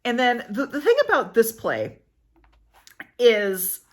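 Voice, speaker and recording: A woman's voice: fairly high pitch, sing-song, takes it slowly. A woman vlogger casually summarizing a plot, chatty and correcting herself as she goes. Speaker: book vlogger.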